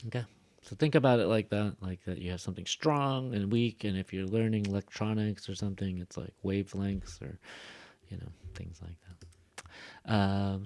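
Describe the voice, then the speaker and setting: A man teaching an English pronunciation class in a loose, chatty way, often saying "like" and "right?" and jumping up in pitch to model stressed syllables. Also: a little mellow, no room sound. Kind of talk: casual recorded class lecture. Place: classroom or online class, using a whiteboard app.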